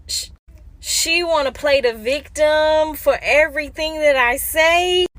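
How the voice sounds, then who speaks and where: A woman with a high, bright voice tells a personal family story, emphatic and insistent. The sound is dry and close, with no room around it. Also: takes it slowly, no echo.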